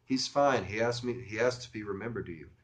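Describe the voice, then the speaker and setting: Teen boy playing it suave and grown-up, slightly low, read by a man; audiobook dialogue. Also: fairly quick, close to an everyday voice. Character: smooth-acting teenage boy faking a mature voice. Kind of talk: audiobook reading.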